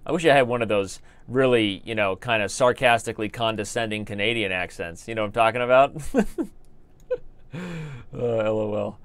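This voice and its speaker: A man's voice: on the low side, fairly quick, a bit bright, smooth, no room sound. An American man commentating his live online chess games, joking and rambling as he talks to viewers in the chat. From United States.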